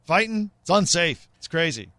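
A man co-hosting sports talk radio, emphatic and quick in banter. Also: a little high, sing-song, pushed and bright, no room sound.

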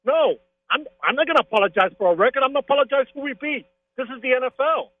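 A high-pitched male caller comes through a tinny phone line. He rants with excitement about his team, stacking opinions and asides in casual call-in chat. His tone stays chatty and insistent. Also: very fast, no echo. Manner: excitable, opinionated sports fan.

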